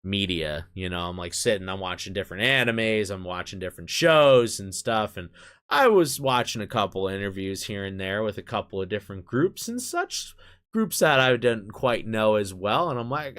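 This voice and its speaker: A man's voice: lowish voice, very animated, normal speed, fairly bright tone, clean tone. A man hosting a casual live stream, rambling along, using lots of fillers and swearing casually.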